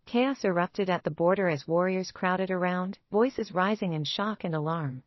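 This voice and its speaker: A woman with a lower voice tells a first-person romance story in a steady, dramatic way. The sound is dry and a little dull, like a lo-fi recording. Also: normal speed, hardly any pauses, no echo. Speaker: narrator.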